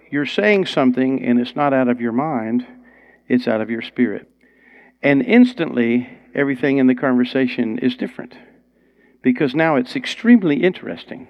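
A man's voice: mid-range voice, moderate pace, muffled recording. A man preaching a sermon in a conversational, storytelling way. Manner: conversational, rising to excited storytelling.

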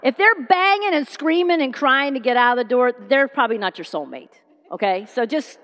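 Middle-aged woman preaching, high voice, acts out the stories, big hall echo. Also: fairly quick. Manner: animated storytelling, acting out dialogue. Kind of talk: sermon.

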